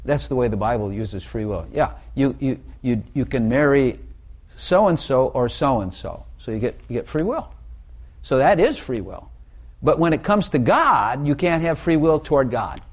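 A man's voice: mid-range voice, big pitch swings, normal speed. A man preaching an informal sermon, talking conversationally, repeating phrases and putting questions to his listeners.

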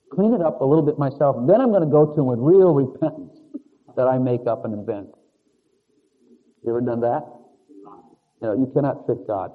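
A man's voice: mid-range voice, husky. A man preaching a conversational sermon in a rambling, confessional way with chuckling asides. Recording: narrow phone-like lo-fi sound.

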